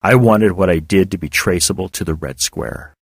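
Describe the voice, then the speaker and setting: Brief: male narrator, low and husky, lively intonation, dry close sound. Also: no room sound. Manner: measured, reflective storytelling. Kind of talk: first-person fiction narration.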